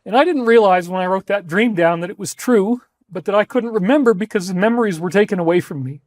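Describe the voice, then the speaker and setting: A man with a notably high voice delivers an intense, rambling lecture, pleading with his listeners. The sound is close and dry. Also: fast talker, no echo. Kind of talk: emotional lecture to an audience.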